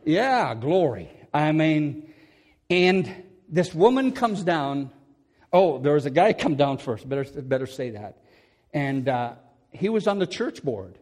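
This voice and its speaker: A middle-aged preacher tells a sermon story in a church, his voice pitched a little above the usual for a man. He laughs as he goes and acts out what others said, rising to loud bursts and then dropping low and quiet.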